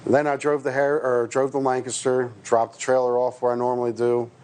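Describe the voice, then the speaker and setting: A man's voice: mid-range voice, flat delivery, fairly quick, hardly any pauses, a little mellow, clear, resonant tone. Hesitant American truck driver telling his story. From United States. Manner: hesitant, full of restarts and fillers. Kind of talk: personal account to camera.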